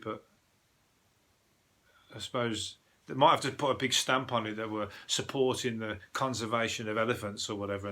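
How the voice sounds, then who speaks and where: A man's voice: mid-range voice, sharp tone. A man with a Birmingham accent, hosting a casual solo news podcast in a rambling, sweary, chatty way with lots of fillers. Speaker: podcast host.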